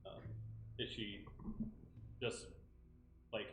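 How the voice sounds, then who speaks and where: A man playing a tabletop game who speaks in halting phrases, pausing often as he works out his moves. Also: fairly low pitch, little pitch movement, fairly bright tone, a little hiss or hum. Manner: hesitant, halting. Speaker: player. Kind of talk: casual play at the table. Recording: echoey room with faint music.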